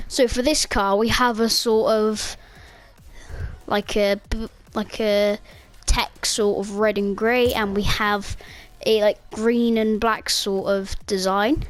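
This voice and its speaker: Relaxed young woman with a higher voice. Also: slow. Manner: relaxed, hesitant with fillers and self-corrections. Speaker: gaming video creator. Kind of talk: casual voice-over walkthrough.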